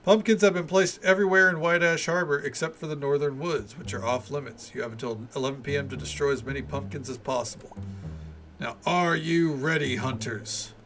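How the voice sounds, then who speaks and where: A man's voice: fairly high pitch, a little fast, fairly bright tone, faint music behind. A man voicing an upbeat festival event announcer as he reads game dialogue aloud, with rallying, showy delivery. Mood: announcing.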